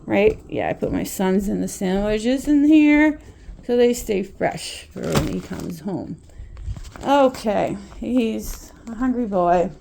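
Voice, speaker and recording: A woman's voice: mid-range voice, expressive, slow, creaky, warm tone, slight background noise. A woman, a mother, talking at home in a casual vlog, rambling and impassioned, often repeating her words. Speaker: vlogger and mother.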